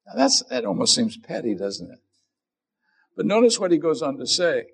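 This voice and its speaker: A man's voice: a little high, huge pitch swings, moderate pace, creaky, slightly rough. A middle-aged man preaching a sermon as pastor, earnest and self-deprecating in a conversational way.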